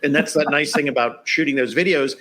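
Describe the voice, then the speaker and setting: A man's voice: a little high, fairly even intonation, fairly quick, fairly bright tone. A man guest on a podcast interview, talking casually with lots of "you know" and "right?". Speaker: guest expert.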